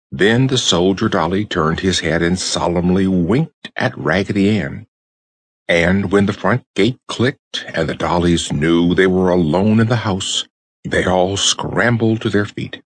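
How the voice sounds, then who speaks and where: Husky-voiced man narrating a children's story. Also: low-pitched, no echo. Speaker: audiobook narrator.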